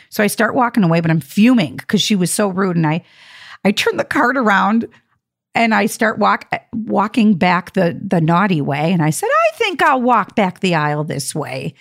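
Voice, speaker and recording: A woman's voice: medium pitch, normal speed. A woman hosting a talk show, telling an indignant story in a casual chat, acting out the dialogue. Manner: animated, indignant storytelling with laughs and acted-out dialogue.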